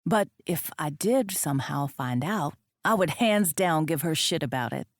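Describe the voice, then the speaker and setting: A calm, affectionate young boyfriend from a romance audiobook, soft-spoken and easygoing, teasing lightly in a slightly lowered voice, as a woman reads him. The recording is close and dry, with no room sound. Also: normal speed, dry recording.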